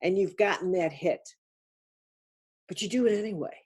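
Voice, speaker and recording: A woman's voice: mid-range voice, normal speed, darkish tone, husky. An older woman giving a spiritual teaching talk on a webinar, emphatic and insistent, repeating key words. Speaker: speaker on a webinar.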